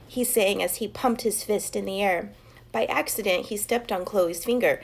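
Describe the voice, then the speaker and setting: A woman teacher reading a children's chapter book aloud with expressive, lively storytelling. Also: medium pitch, moderate pace, vocal fry, slight background noise.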